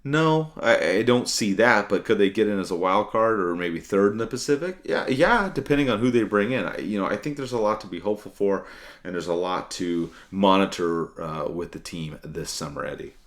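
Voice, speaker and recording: Deep-voiced man in casual sports talk. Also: animated, moderate pace. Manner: thinking aloud, many fillers and restarts; dry sarcasm. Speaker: podcast co-host.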